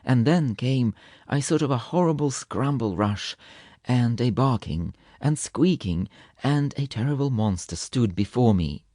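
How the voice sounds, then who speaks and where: A man's voice: medium pitch, animated, measured pace, mellow, dry recording, clean studio sound. A man voicing a proud, touchy male kitten who spins a tall tale with fanciful, indignant flair. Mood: teasing, indignant.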